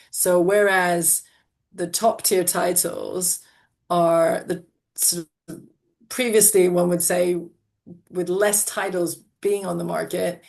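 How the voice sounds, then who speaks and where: Gravelly low-voiced woman, thoughtful. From half American, not Australian. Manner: thoughtful, with frequent restarts and hedges. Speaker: audiobook publisher. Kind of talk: conversational interview answers.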